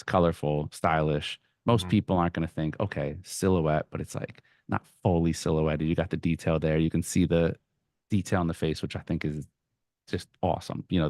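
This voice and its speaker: Male interviewer, very low voice, eager rambling questions, dry close sound. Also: dry recording. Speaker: interviewer, street photographer. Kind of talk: casual interview conversation.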